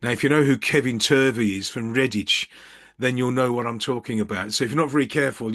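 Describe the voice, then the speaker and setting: A man's voice: mid-range voice, a little fast, fairly bright tone. Dry-humored middle-aged man vlogging from his office. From Birmingham, England. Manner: dry, joking, self-mocking. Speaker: business coach. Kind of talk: casual talking-to-camera tips vlog. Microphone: camera at eye level with ring light.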